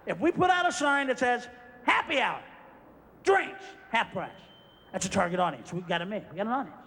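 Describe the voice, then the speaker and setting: A comedian playing scheming male bar owners plotting a happy-hour promotion in a low, conspiratorial tone. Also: animated, normal speed, sharp tone, in a large hall.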